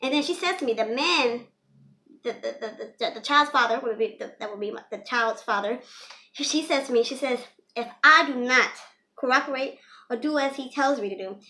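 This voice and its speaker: A woman's voice: on the high side, moderate pace, bright, forceful tone. A young woman telling a personal story in a casual, rambling way, full of "you know" fillers. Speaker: storyteller vlogger.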